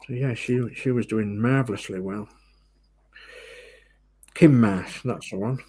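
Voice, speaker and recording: A man's voice: lowish voice, measured pace, mellow, slightly rough. A man hosting a model-building livestream, chatting casually and muttering to himself as he works. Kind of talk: casual chat while building.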